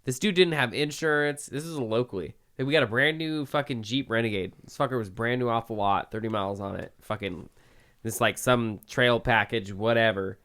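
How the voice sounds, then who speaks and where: A young man tells a long story on a casual podcast, swearing freely and padding his sentences with "like". His voice sounds smooth and resonant. He talks at an everyday, middle pitch. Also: a little fast, fairly bright tone. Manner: profane, rambling with many "like" fillers. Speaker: podcast co-host.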